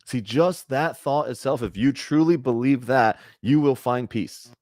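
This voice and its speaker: A man's voice: mid-range voice, unhurried, darkish tone, no room sound, clean studio sound. A man giving a conversational spiritual talk to a group, often checking in with "right?" and acting out little bits of dialogue. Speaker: spiritual teacher.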